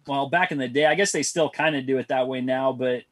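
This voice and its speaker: A man, a guest on a podcast, telling stories in a calm, matter-of-fact way. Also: mid-range voice, fairly quick, no room sound. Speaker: podcast guest, former boss. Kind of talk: casual chat.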